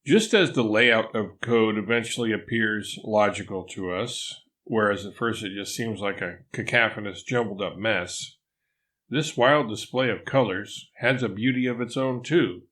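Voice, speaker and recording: A man's voice: on the low side, a little slow, fairly bright tone. An older man reads his written programming lesson aloud, adding dry, wry asides. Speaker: newsletter author reading his programming lesson.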